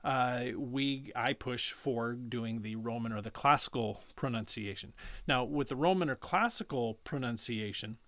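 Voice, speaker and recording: A man teaching pronunciation in a relaxed, chatty way, pausing to correct himself and stretching vowel sounds out for his listeners. His voice sits in a middle range and is recorded close, with no room sound around it. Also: medium pitch, no echo. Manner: chatty, self-correcting, drawing out sounds slowly to demonstrate. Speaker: language teacher. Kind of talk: casual instructional explanation.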